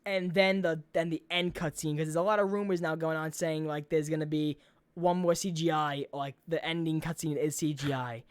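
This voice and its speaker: A man hosting a casual gaming podcast, excitable and full of filler words, swearing often. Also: a little high, normal speed, clean tone, no echo. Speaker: podcast host.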